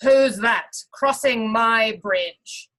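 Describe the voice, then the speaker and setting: Booming, slow storybook troll, hungry and ugly, read by a woman. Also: fairly bright tone. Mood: menacing. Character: big ugly hungry troll under a bridge.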